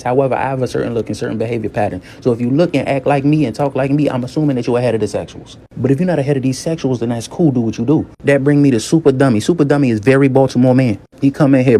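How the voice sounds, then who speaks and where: A man spins a wry, gossipy work story in heavy slang. He talks fast with a dark, mellow voice and keeps it casual. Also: medium pitch, slight background noise. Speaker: hotel worker telling a story. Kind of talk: comedic storytime.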